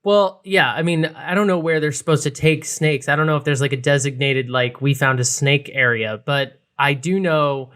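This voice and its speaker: A man's voice: fairly high pitch, moderate pace, few pauses, a bit bright, clear, resonant tone. A man co-hosting a casual podcast, telling a story in a playful, rambling way with plenty of fillers. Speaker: podcast co-host. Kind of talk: casual chat.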